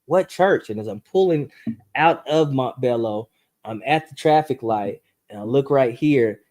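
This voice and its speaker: A man telling a true story as a podcast guest, acting it out with sound effects and speeding up and rising in pitch when the tension builds. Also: a little slow. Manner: animated storyteller, acts out voices and gunshots; speeds up and rises in pitch at tense moments.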